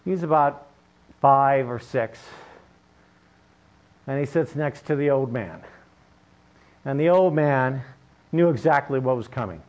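Slow, animated male preacher. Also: mid-range voice, muffled recording. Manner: storytelling, emphatic. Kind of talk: sermon.

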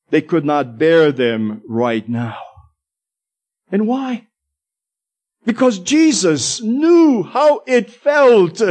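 A man preaching a sermon, slow and emphatic, drawing out stressed words. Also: high voice, darkish tone.

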